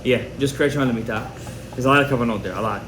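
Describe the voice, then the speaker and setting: Emphatic, animated rabbi in an echoey room. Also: male voice, mid-range voice, rapid-fire, noisy background. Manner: animated, emphatic, with frequent Hebrew terms. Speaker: rabbi teaching a Torah class. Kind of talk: Torah class sermon. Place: indoor room with a live audience. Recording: echoey room with faint ambience.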